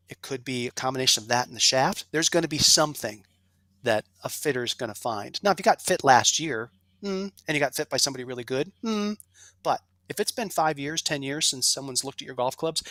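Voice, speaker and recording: Podcast guest, male, bright forceful delivery, emphatic and upbeat, dry mic. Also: mid-range voice, no echo. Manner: enthusiastic, emphatic, salesy asides. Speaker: guest, golf industry executive. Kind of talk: casual podcast interview.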